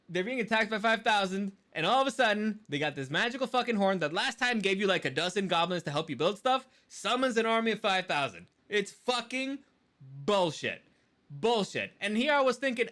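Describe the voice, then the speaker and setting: A man co-hosting a podcast who rants in casual chat and swears freely. His voice sits high, with a bright, forceful edge. He sounds fired up as he picks things apart. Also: normal speed. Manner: animated ranting, swears a lot. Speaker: podcast co-host.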